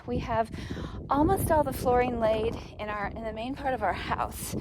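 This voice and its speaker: A woman's voice: a little high, normal speed, background noise. A middle-aged woman, casually chatting in a homestead vlog while walking outdoors. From East Tennessee. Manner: chatty, rambling, upbeat. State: out of breath. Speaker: homestead vlogger.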